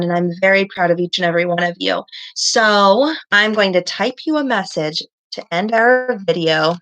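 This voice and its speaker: A young woman teaching a second grade class over a live stream, praising students warmly and spelling things out slowly. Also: mid-range voice. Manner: encouraging, slow and deliberate with children.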